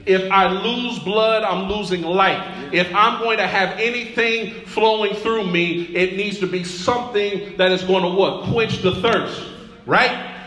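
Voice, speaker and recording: A pastor preaching a sermon in a church, building through repeated phrases and calls to the congregation. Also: male voice, sits high, measured pace, bright, forceful tone. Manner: preaching with rising call-and-response. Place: church sanctuary. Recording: echoey church room.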